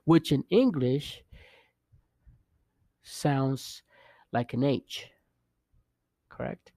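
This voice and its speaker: A man gives a relaxed video language lesson at an unhurried pace, his voice carrying a noticeable gravelly fry. He patiently repeats each sound and keeps checking in with "okay?". The recording is close and dry, with little room sound. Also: medium pitch, no room sound. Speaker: language teacher. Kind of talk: casual vlog-style lesson.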